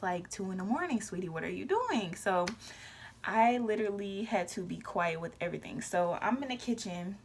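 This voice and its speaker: Animated young woman telling a story. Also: medium pitch, normal speed, slight background noise. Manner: animated storytelling with whispered asides and shouted quotes. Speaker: vlogger. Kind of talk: casual storytime.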